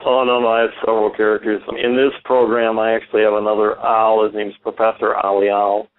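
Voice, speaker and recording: A man's voice: lowish voice, flat delivery, brisk, clear, resonant tone. A man who is a ventriloquist and school speaker, talking enthusiastically as a radio guest, rambling with many restarts. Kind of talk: casual radio interview. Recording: tinny phone-line sound.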